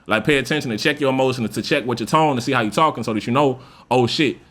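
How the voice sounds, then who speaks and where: Male podcast host, fast casual monologue, mid-range voice, profane and animated. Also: medium pitch. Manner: loose, profane, animated speaker who acts out example voices.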